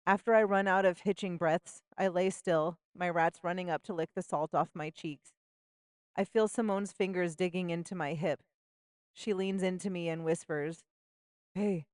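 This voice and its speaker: Female memoir narrator, lowish voice, wry and intimate, dry close-miked booth read. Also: darkish tone, no room sound. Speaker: audiobook narrator and author. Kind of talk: first-person memoir narration.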